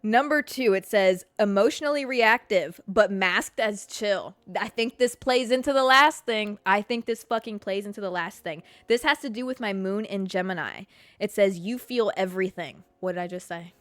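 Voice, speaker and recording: A young adult woman hosting a podcast alone, talking candidly about herself, swearing freely and laughing often, her voice jumping high when she reacts. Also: normal speed, no room sound. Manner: animated, jumps to high pitch when reacting. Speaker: podcast host. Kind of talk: casual solo podcast chat.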